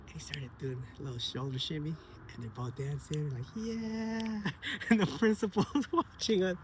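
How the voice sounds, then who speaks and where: A man telling a personal story to camera in a casual, heartfelt way. He is earnest and animated, repeats phrases, and laughs often. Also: fairly high pitch, moderate pace, a little hiss or hum. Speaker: vlogger sharing personal stories.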